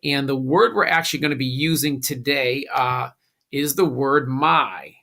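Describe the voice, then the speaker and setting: A man teaching a recorded classroom phonics lesson, giving slow, patient instructions with a few "uh"s. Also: medium pitch, sharp tone.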